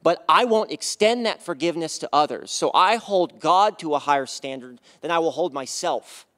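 A man's voice: a little high, moderate pace, a bit bright. Passionate man giving a church testimony. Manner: passionate, raising voice to urge the listeners. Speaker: guest speaker sharing testimony. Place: church service before a congregation.

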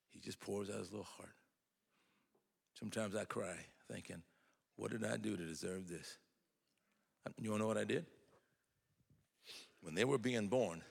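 A man's voice: fairly low pitch, gravelly, big-room sound. An older man telling folksy, humorous family stories in a sermon, acting out the dialogue. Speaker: preacher. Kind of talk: storytelling sermon.

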